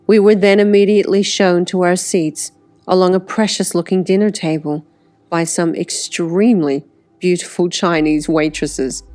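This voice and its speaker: A woman narrating an audiobook in the first person, unhurried, sometimes dropping to a breathy whisper. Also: fairly low pitch, a little mellow.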